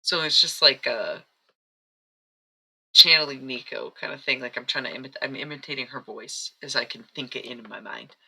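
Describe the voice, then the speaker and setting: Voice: mid-range voice, pushed and bright, husky, low-quality recording. A live-stream psychic and astrology reader talking in a casual, rambling, chatty way, often breaking off mid-sentence. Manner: rambling, chatty, self-interrupting.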